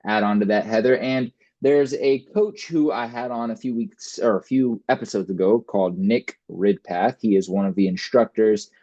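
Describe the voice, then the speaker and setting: A chatty, upbeat male podcast host talking into a video call, his voice low-pitched and mellow. The audio is dry and a bit dull, like lo-fi call sound. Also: moderate pace, hardly any pauses, no room sound. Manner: upbeat, chatty, addresses listeners as ladies and gentlemen. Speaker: podcast host and fitness coach. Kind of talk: casual podcast interview over video call.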